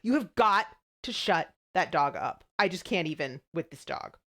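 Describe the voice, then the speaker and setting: A woman's voice: lowish voice, animated, normal speed, a bit bright, voice pushed down. Grumpy man on a plane, as a woman tells it. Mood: exasperated.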